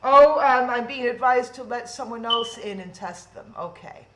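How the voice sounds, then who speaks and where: A woman's voice: a little high, moderate pace. A woman hosting a live-streamed online event, chatty and flustered as she talks through technical trouble on a video call. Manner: chatty, flustered, thinks aloud with restarts. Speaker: event host. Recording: roomy echo, faint noise.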